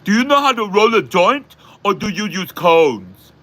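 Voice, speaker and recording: A man voicing a clueless young man in a loud, high, whiny mocking voice. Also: sing-song, normal speed, heavily acted.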